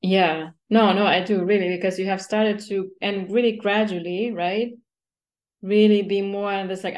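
A woman hosting a podcast interview, talking in an expressive, animated way with many restarts. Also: mid-range voice, moderate pace. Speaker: podcast host. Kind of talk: conversational interview.

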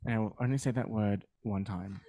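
A man's voice: fairly low pitch, fairly even intonation, brisk, dark tone. A man with an Australian accent chatting casually on a podcast, explaining things with lots of ums and restarts. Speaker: podcast co-host.

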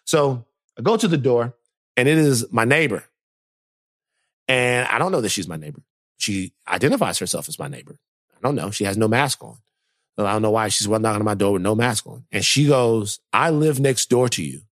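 A man on a podcast telling a story in a casual, animated way, his voice jumping up high when he is exasperated. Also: a little fast, no room sound, clean studio sound. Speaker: podcast co-host.

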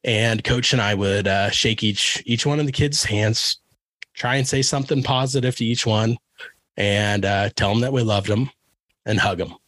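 A low-voiced man from Kansas, a wrestling coach, talks earnestly in a relaxed interview. He often restarts his sentences and leans on fillers. The recording is dry and close, with no room sound. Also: normal speed, no room sound. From Kansas, USA. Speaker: wrestling coach and podcast guest. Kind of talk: casual interview chat.

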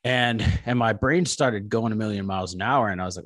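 A man with a very low voice talks candidly on a podcast, stopping and restarting his sentences and swearing freely. The sound is close and dry, with no room echo. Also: fairly bright tone. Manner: halting, restarts often, frank and swearing. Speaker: interview guest, army veteran.

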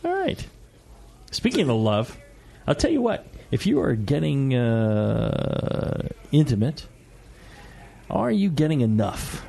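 A man's voice: medium pitch, huge pitch swings, slow pace, gravelly, pauses often, mellow. A man hosting a podcast in casual chat, joking and laughing a lot as he rambles through a sponsor read with fillers. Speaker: podcast host.

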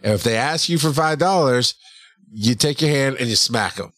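A middle-aged man co-hosting a podcast, an animated storyteller who laughs often in casual chat. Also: medium pitch, moderate pace, dry recording. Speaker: podcast co-host.

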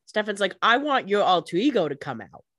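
A woman co-hosting a casual podcast, throwing in quick jokes and asides. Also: medium pitch, sing-song, a bit bright, no room sound, clean studio sound. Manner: joking asides, quick quips. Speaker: podcast co-host. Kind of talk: casual chat.

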